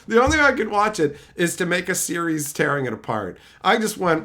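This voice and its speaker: Animated, foul-mouthed male streamer ranting. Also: sits high, a little fast, few pauses. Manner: profane, ranting, reacting to chat. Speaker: livestream host. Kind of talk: unfiltered livestream chat.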